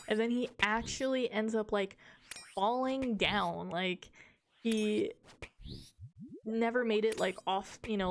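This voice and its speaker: A woman's voice: medium pitch, slight background noise. Rambling, laughing woman streamer. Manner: rambling, laughs often, swears casually. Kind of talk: casual chat storytelling.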